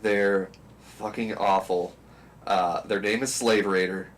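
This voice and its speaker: A man's voice: on the low side, fairly even intonation, slow. A man co-hosting a podcast in casual chat, joking and laughing often. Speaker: podcast co-host. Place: podcast studio. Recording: noisy room audio.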